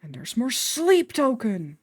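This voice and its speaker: A woman streamer chatting casually on a live stream, self-deprecating and quick to laugh. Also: a little high, sing-song, darkish tone, no echo, studio quality. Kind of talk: casual livestream chat.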